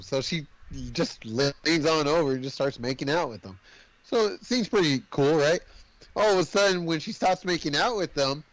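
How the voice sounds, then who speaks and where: A man with a slightly high voice, talking fast and loose as he recaps a movie on a podcast, swearing freely. The sound is dry and close, with no room in it. He keeps the story rolling with run-on energy. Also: no echo, poor audio. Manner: animated, profane storytelling. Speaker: podcast co-host. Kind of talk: casual movie recap chat.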